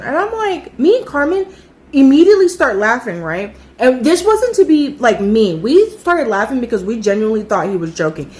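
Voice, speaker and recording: A woman in her thirties telling a casual storytime, chatty and animated, acting out what other people said. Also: on the high side, normal speed. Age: 30s.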